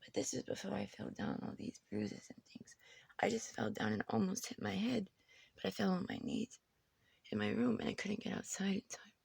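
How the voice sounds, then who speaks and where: Very raspy, gravelly-voiced woman, halting whispers. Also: medium pitch, sing-song, a little mellow, dry recording. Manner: halting, repeating herself, often dropping to a whisper. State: short of breath. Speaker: person recording a video message. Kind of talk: personal video message to family. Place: her room at home.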